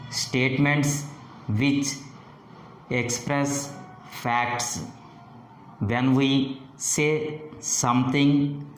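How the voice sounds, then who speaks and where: A man teaching a lesson on intonation, speaking in short halting phrases and demonstrating rising and falling pitch. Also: roomy sound, slight background noise, low-quality recording. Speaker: English teacher. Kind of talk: slow deliberate phonetics lesson.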